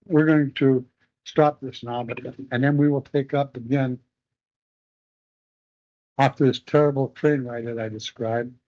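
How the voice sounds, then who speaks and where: An older man being interviewed, telling a long war memory in a halting, rambling way with many restarts. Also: medium pitch, fairly even intonation. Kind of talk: oral history storytelling. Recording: dull lo-fi recording.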